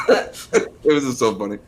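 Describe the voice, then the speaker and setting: A young man in the co-host chair of a casual stock podcast, chatting with an easygoing, slangy manner. He laughs often, and his voice sits at an ordinary middle pitch. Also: slow.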